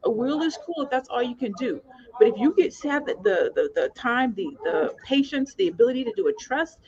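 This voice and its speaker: A woman's voice: fairly high pitch, expressive, a little fast, a little mellow, highs cut off. A woman hosting a panel discussion, speaking earnestly and emphatically, with repeated calls to action. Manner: earnest, emphatic, repetitive exhortations. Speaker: podcast host.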